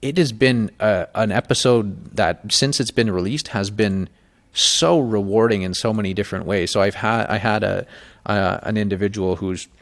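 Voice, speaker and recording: Man, podcast host, low gravelly voice, candid and emotional, casual cursing. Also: moderate pace. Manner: candid, emotional, swears often, animated.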